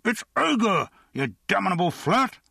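A man voicing a brisk, bossy male thief in Victorian times, giving curt, urgent orders. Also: a little high, sing-song, a bit bright, no room sound, studio quality, voice pushed up. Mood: shouting.

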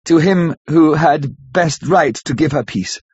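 A man's voice: on the high side, measured pace, husky, voice pushed up. A man voicing a solemn, devoted young wife. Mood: tender. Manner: earnest, pleading, softly solemn. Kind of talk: audiobook character reading. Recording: dull lo-fi audiobook recording.

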